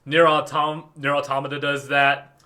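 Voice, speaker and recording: Brief: male podcast co-host, bright sharp tone, animated gaming chat with restarts. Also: a little high. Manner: animated, quick, lots of restarts and acted-out quotes.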